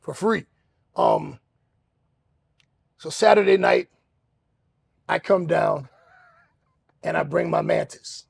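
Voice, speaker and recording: A man hosting a podcast, telling a story in an animated way and acting out other people's voices. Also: on the high side, slow pace, gravelly, pauses often, slightly rough. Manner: acts out other voices, shouting and laughing. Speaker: podcast host.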